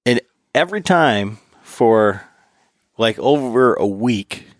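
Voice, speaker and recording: Guy hosting a hunting podcast, mid pitch, laughs a lot, dry sound. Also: slow, no echo. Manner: animated, laughing storyteller who acts out others' lines. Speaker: podcast host. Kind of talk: casual hunting chat.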